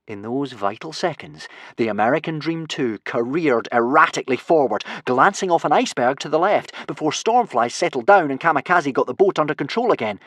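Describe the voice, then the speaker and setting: A man reading a children's adventure audiobook with expressive storytelling. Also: on the high side, no room sound, clean studio sound. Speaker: audiobook narrator. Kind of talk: scripted narration.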